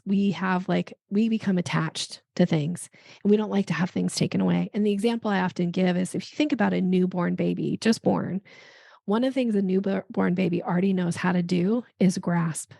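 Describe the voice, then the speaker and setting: Gravelly-voiced woman giving sales advice. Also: medium pitch, dry recording, studio quality. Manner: animated, acts out dialogue in quick voices. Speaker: podcast guest, sales expert. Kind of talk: conversational interview.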